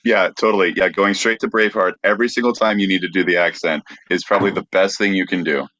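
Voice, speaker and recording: A man's voice: sits low, fairly even intonation, quick pace, bright, forceful tone, no echo. A man hosting a podcast, dry and teasing. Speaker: podcast host. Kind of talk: casual comedic chat. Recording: dull, dry sound.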